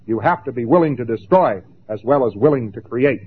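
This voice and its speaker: A man giving a lecture, emphatic and dramatic, with long pauses and mocking asides. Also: mid-range voice, expressive, breathy edge. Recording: tinny lo-fi old recording.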